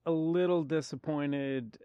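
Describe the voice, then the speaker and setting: A man's voice: on the high side, steady tone, slow pace, warm tone, no room sound, dull audio. A man co-hosting a casual film podcast, hesitant and wry, often laughing as he talks. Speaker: podcast co-host.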